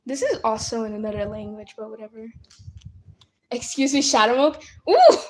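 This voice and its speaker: A woman casually commenting on her gameplay while streaming, excitable and talking to her chat with lots of starstruck exclamations. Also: on the high side, fairly quick, slight background noise. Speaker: game streamer.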